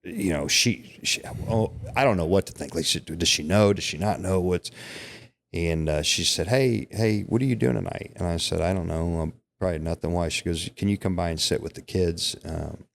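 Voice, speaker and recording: Deep-voiced man telling a candid story. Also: fairly even intonation, moderate pace, fairly bright tone. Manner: candid, emotional storytelling with frequent "right?" and "you know". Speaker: podcast guest. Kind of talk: personal storytelling in casual interview.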